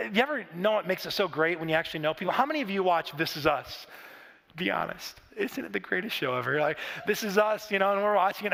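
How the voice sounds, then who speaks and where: A man's voice: high voice, vocal fry, fairly bright tone, in a large hall. A middle-aged man preaching a sermon in a conversational, storytelling way with frequent restarts and asides. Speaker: pastor. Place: large church auditorium.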